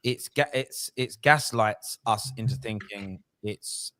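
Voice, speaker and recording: A man from England hosting a casual football podcast, animated and ranting, swearing freely. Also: fairly low pitch, slow pace. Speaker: podcast host.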